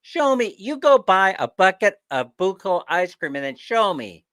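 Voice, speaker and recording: A man hosting a casual livestream chat, ranting with animated energy and laughing often. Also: high voice, normal speed, no room sound, clean studio sound. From not from the Philippines. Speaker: livestream host.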